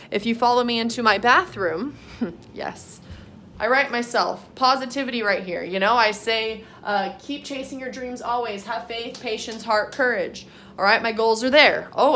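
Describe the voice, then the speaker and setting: An upbeat woman talks to her camera as she walks through her home, sharing her hopes as an aspiring actress. Her voice is bright and sits a little high. Her chatty, rambling delivery is full of fillers. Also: a little hiss or hum. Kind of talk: casual motivational vlog. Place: her home, walking between rooms.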